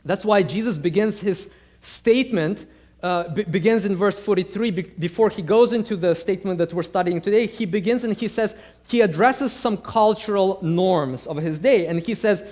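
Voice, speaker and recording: A male pastor preaches in a relaxed, conversational manner, often circling back and restarting his phrases as he tells stories. His voice sits notably high for a man. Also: normal speed. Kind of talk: sermon.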